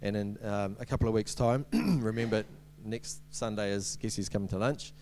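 A man's voice: fairly low pitch, moderate pace, a little mellow, slight background noise. A man giving a sermon as a preacher, in a conversational way with many ums and restarts and light humorous asides.

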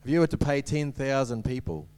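A man's voice: mid-range voice, animated, fairly quick, darkish tone, clear, resonant tone. A man giving a sermon as a preacher, in a conversational way with many ums and restarts and light humorous asides.

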